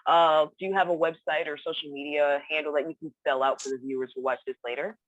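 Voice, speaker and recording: A man's voice: on the high side, fairly even intonation, fast talker, fairly bright tone, no room sound. Guy hosting an online open mic, upbeat and chatty, dry muffled video call sound. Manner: chatty, upbeat, scattered with fillers. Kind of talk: casual hosting.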